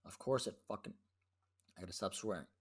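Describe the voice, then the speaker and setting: A young man hosts his own show and tells a story in a casual, rambling way. His voice sits on the low side. He swears freely and peppers his talk with "dude". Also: fairly quick, husky. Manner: slangy and profane, says "dude" a lot, animated retelling. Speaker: podcast host.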